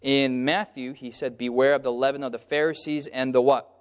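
A man's voice: mid-range voice, clean tone. Preacher man in an echoing hall. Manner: pauses on a word and asks the listeners "what?" so they call out the answer; lively, acts out the crowds in brief character voices. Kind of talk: sermon. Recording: long hall reverb.

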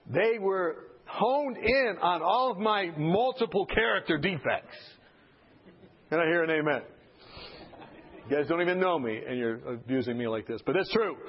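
Male preacher, storytelling sermon, very lively high voice, dull recording. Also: breathy edge. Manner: animated, comic storytelling.

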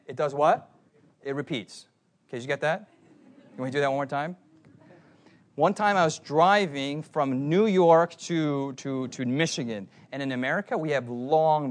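A man preaching a sermon, telling stories in an animated way and putting questions to the congregation. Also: a little high. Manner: animated storytelling, asks the crowd questions.

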